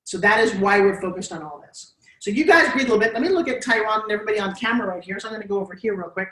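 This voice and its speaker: A woman's voice: mid-range voice, very fast, distant mic. New York woman coaching a class. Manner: animated, coaxing instructor directing students. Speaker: on-camera presence coach. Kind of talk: live workshop teaching. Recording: echoey classroom from afar.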